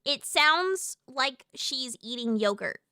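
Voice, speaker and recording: A young American woman streaming from home, chatting casually and rambling excitedly, with lots of restarts and fillers. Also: sits high, slow. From United States. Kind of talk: casual live-stream chat.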